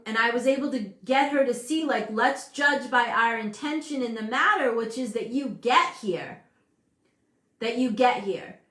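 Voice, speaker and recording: A woman in her fifties hosting a casual motivational talk, animated and emphatic, often breaking off mid-sentence. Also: high voice. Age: 50s. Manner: animated, emphatic, self-interrupting. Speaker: host. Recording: echoey room.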